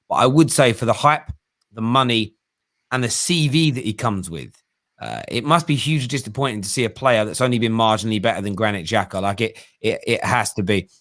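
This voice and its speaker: Brief: male phone-in host, mid-pitched, chatty, restarts a lot. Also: a little fast, fairly bright tone, no room sound, studio quality. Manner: conversational, hesitant restarts. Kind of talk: phone-in show hosting.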